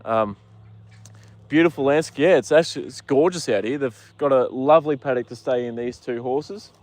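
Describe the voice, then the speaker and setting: A man with an Australian accent, livestreaming from a paddock on his phone, chatting casually with viewers and talking gently to the horses. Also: mid-range voice, normal speed, dry recording. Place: outdoor paddock.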